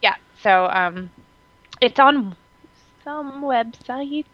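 Woman with quick teasing asides, lo-fi. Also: fairly high pitch, expressive, no room sound. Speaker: podcast co-host. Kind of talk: casual chat. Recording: dull lo-fi sound.

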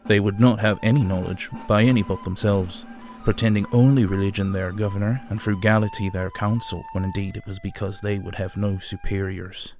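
A man's voice: on the low side, fairly even intonation, a little fast, a little mellow, faint music behind, natural voice. A man voicing a boastful, out-of-work 1600s captain, who rambles and hesitates while promoting himself. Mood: scornful.

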